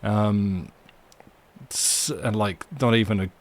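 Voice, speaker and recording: Rambling man, low voice. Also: fairly even intonation, takes it slowly. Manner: rambling and self-deprecating, with many restarts. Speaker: storyteller and stream host. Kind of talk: casual chat before a live reading. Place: home streaming desk with a squeaky chair. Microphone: desk microphone.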